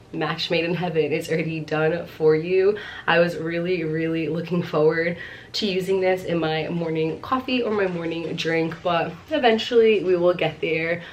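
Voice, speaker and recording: A woman's voice: fairly low pitch, slight background noise. A pregnant young woman chatting at home through a casual haul vlog, gushing with lots of fillers and short of breath. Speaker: vlogger.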